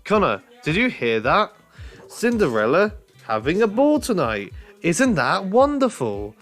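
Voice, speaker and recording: A man voicing an eager, dreamy young girl with high, breathless questions, reading a storybook aloud. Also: big pitch swings, normal speed, a bit bright, faint music behind. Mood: excited.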